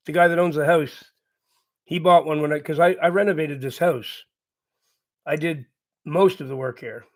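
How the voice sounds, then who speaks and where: A middle-aged man from Canada, hosting his channel and telling a rambling story casually, repeating himself and laughing as he goes. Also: a little high. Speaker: channel host. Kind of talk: casual storytelling to a live chat.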